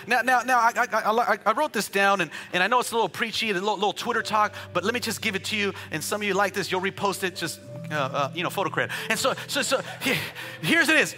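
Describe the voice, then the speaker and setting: A man preaching a sermon as a pastor, chatting and joking with the congregation before building up to loud, rhythmic declarations. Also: high voice, animated, fast, faint music behind. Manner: conversational preaching with jokes, rising to shouted declarations.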